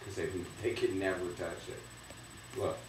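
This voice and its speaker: A man's voice: low-pitched, steady tone, unhurried, distant mic, noisy background. A man joining his wife's casual home video show, making plain, matter-of-fact remarks. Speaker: co-host, husband. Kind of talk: casual chat. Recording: echoey room, away from the mic.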